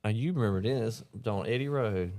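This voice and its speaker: A man with a drawl spins rowdy, profane stories in a relaxed podcast chat. He laughs through his tales and slips into quoted voices of friends and bosses. His voice sits a little low. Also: brisk. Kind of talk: casual storytelling chat.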